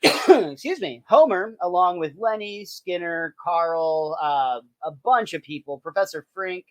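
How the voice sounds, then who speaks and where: A podcast host recapping a cartoon episode in a relaxed, chatty way, laughing often. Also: mid-range voice, a little slow, dry recording. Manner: relaxed, lots of uh fillers, laughs easily. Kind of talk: casual episode recap chat.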